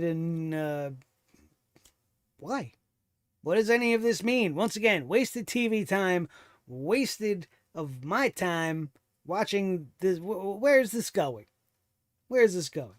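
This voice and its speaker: A man's voice: sits high, a bit bright, dry recording, studio quality. A man hosting a wrestling review show, talking in a sarcastic, exasperated way and swearing freely. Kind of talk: casual commentary review.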